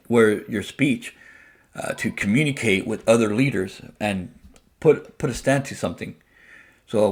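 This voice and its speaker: A man rants in a gravelly voice, blunt and full of swearing. He hammers his points home by repeating them, in a plain, mid-pitched voice with a rough edge. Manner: blunt, profane, heated; repetitive, emphatic. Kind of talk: casual rant to the camera.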